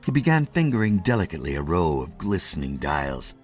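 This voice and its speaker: Animated low-voiced male story reader. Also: fairly quick, slightly rough, faint music behind. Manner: expressive, animated reading. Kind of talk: scripted story narration.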